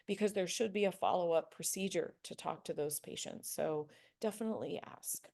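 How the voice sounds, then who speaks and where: A woman's voice: on the low side, moderate pace, creaky. A woman giving a recorded training lecture in a conversational, earnest way, with frequent fillers. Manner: acts out soft apologetic example phrases. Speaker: de-escalation trainer.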